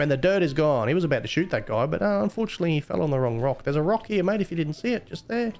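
Young guy, streamer-admin, fairly high voice, playful mocking tone, faint music underneath. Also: animated, racing, creaky, few pauses, darkish tone. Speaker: game server admin streamer. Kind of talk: casual live-stream chat.

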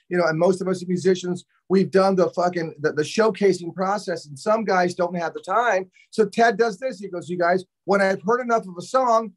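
A man with a fairly high voice tells a studio story in a loose, animated way. He swears freely and acts out everyone's lines as he goes. He is a drummer from Los Angeles, chatting as a guest. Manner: animated, profane, acts out quotes. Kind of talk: casual storytelling interview.

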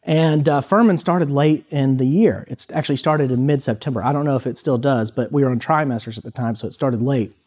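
A thirty-something man tells high school students a personal story as their guest speaker, rambling casually with many fillers. His mid-range, darkish voice runs fairly quick, with hardly any pauses.

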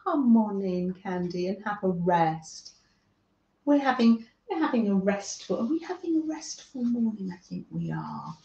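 A woman from northern England who hosts a craft livestream, chatting gently with viewers by name and often laughing as she works. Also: medium pitch, animated, measured pace. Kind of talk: casual chat with live viewers while crafting. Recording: echoey room, dull lo-fi sound.

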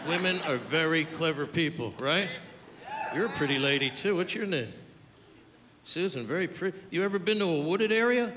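A man's voice: fairly high pitch, lively intonation, moderate pace. An older male stand-up comedian doing crude, brash crowd work on stage, bantering with the audience. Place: live comedy club stage. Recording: live club recording, roomy with loud crowd noise.

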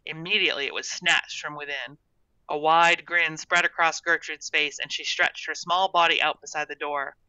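A storybook narrator reading in a measured, expressive way, with a strikingly bright tone. The recording is dry and close, a bit dull at the top. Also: mid-range voice, smooth, dry recording. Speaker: audiobook narrator.

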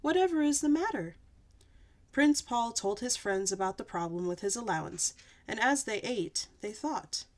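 A woman storyteller reading a children's picture book aloud, with an expressive, animated delivery. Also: medium pitch, moderate pace.

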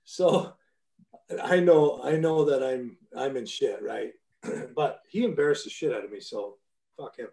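Mellow-voiced man telling blunt hockey stories. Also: mid-range voice, a little slow, vocal fry, roomy sound. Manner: blunt, profane storyteller with many restarts. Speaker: guest, former pro hockey player. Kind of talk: casual storytelling interview.

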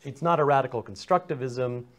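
A man's voice: medium pitch, a little fast. A man questioning an author in an academic conversation, pushing back with probing questions. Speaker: interviewer and fellow scholar.

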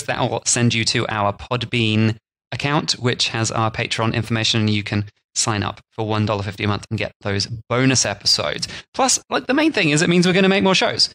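A man's voice: medium pitch, fairly bright tone. A man co-hosting a podcast in casual chat, jokey and rambling, sometimes putting on silly voices. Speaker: podcast co-host.

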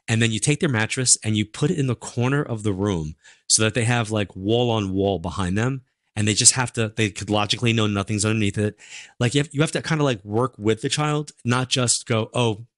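Chatty low-voiced New man. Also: no echo, clean studio sound. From New York. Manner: animated, chatty storyteller with many fillers. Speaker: psychic medium guest. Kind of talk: casual interview storytelling.

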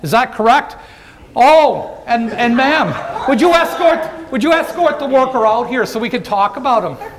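A man playing a jovial old-time union organizer with a high voice. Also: lively intonation, normal speed. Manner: folksy, joking, addresses the crowd directly. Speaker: living-history presenter. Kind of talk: first-person historical role-play to a live audience.

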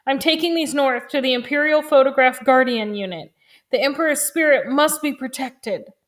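A woman reads the part of a panicked, portly middle-aged school principal in a storybook reading, his voice climbing high and loud with every desperate cry. He sounds urgent and overwrought, as if he could fall apart at any moment. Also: moderate pace, natural voice.

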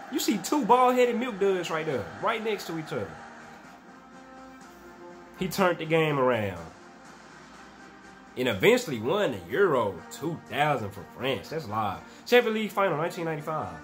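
A young man reacting to sports clips in a loose, slangy way, his voice climbing and dropping all over as he gets hyped. His pitch sits a little high for a man. Faint music plays underneath. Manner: excitable, slangy, shouts and laughs at highlights. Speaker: reaction video host. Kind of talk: casual reaction commentary.

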